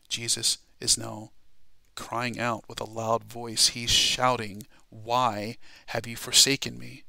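A man teaching a Bible study lesson in a preaching style. He talks emphatically and often checks in with "all right?" and "okay?", moving between quiet asides and loud, stressed words. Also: mid-range voice, creaky, no room sound.

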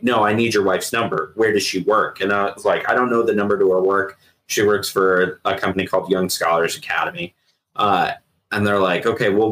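A retired sheriff's investigator, a middle-aged man, tells his story in a casual interview, animatedly acting out what others said and laughing along the way. His voice is on the low side, and the recording quality is poor.

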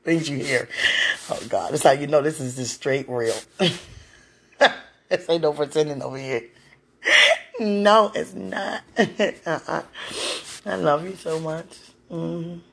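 A woman's voice: low voice, slow pace, gravelly, pauses often, husky. A woman hosting a podcast from her home, talking intimately to a listener in an affectionate tone, laughing often and calling out to God. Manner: affectionate, laughs often, frequent religious exclamations. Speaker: podcast host and mother. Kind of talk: intimate one-sided podcast chat to a listener.

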